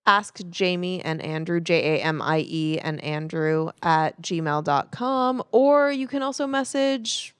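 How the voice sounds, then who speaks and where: A woman's voice: fairly low pitch, a little slow, few pauses, smooth, dry recording. A woman co-hosting a casual comedy podcast, telling stories animatedly and laughing often. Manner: animated storytelling, laughing, slips into voices. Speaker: podcast co-host.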